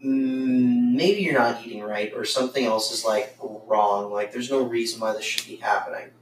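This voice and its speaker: A man's voice: medium pitch, moderate pace, roomy sound, distant mic, slight background noise, close to an everyday voice, poor audio. A man quoting a stern woman who lectures him, in a scolding tone.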